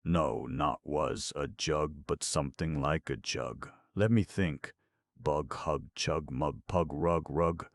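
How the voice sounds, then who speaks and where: A man doing a brisk young goat girl. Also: very deep voice, no echo, studio quality, exaggerated voice. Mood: musing. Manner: brisk, excitable and bossy. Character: brave young goat girl with seven hands.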